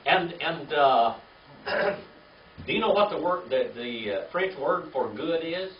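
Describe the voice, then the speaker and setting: A man's voice: fairly high pitch, lively intonation, slow pace. A man teaching a Bible lesson to a small class, asking questions, repeating key words and checking in with "all right?" after each point. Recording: distant, echoey, dull room recording with faint hiss.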